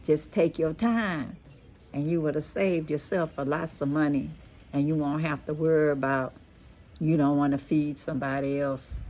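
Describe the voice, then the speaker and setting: A middle-aged woman from Texas with a Creole accent that blends Louisiana and Galveston, chatting casually to her viewers in an unhurried, drawn-out way and calling them "y'all". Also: deep voice, mellow. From Texas, USA. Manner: slow, drawn-out talk, often saying "y'all". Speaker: vlogger. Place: rooftop outdoors.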